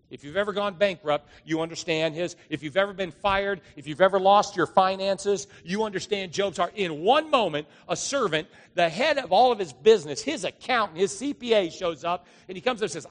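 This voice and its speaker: A middle-aged male pastor preaching a sermon, telling stories and acting out the voices with drawn-out dramatic lines. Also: sits high. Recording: long hall reverb.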